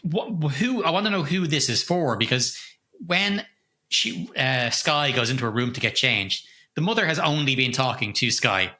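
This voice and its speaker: A middle-aged man co-hosting a podcast, retelling a horror film's plot in an animated, casual way with plenty of swearing. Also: medium pitch, normal speed. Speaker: podcast co-host. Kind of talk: casual film review chat.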